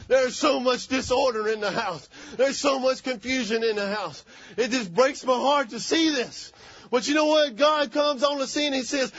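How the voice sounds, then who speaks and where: Fervent preacher man, high voice. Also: fairly bright tone, no echo, highs cut off. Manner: fervent, calls for amens. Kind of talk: sermon.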